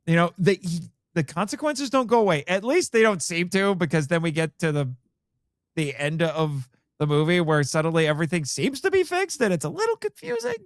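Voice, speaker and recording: A man hosts a casual film discussion podcast at normal speed, talking animatedly and acting out characters' lines with a rising pitch when he quotes them. The recording is dry with clean studio sound.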